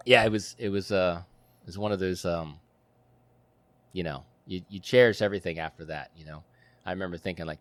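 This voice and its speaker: A man with a fairly low voice tells a story in a loose, animated way, full of fillers and bursts of laughter. The sound is dry and close, with no room around it. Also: fairly quick, pauses often, no echo. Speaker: podcast guest. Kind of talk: casual storytelling.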